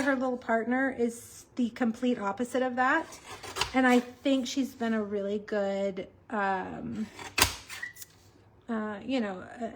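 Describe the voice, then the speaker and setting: A woman's voice: a little high, a little hiss or hum. A woman in her forties hosting a casual card-making livestream, chatting to viewers as she works. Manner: chatty, talks to viewers while crafting.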